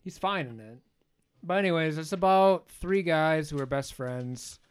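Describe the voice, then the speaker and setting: A man's voice: a little high, lively intonation, unhurried, smooth. A man hosting a podcast, casually recapping a movie in a loose, profane way with joking asides. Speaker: podcast host.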